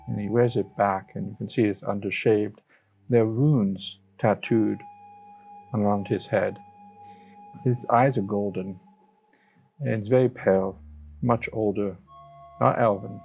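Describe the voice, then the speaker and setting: A man playing a tabletop game, calmly describing his character. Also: fairly low pitch, a little slow, creaky, pauses often, soft background music. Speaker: player.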